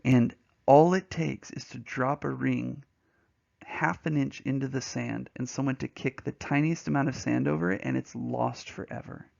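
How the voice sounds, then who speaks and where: A man teaching a poetry lesson, telling a story in an animated way and acting out voices and sounds along the way. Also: medium pitch, moderate pace, vocal fry, highs cut off.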